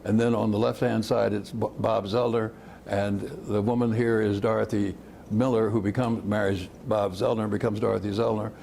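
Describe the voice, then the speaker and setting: A man's voice: on the low side, little pitch movement, normal speed, gravelly, dark tone, slight background noise. An older man, a civil rights veteran, describing old photos fondly, often chuckling and trailing off. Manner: chuckling, fond, rambling. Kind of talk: reminiscing talk.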